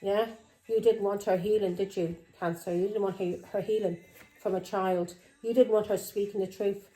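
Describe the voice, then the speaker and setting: Woman tarot reader. Mellow voice, accusing and confrontational, punctuates with "Yeah?" over faint music. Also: medium pitch, fairly even intonation, moderate pace, rough recording. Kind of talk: tarot reading monologue.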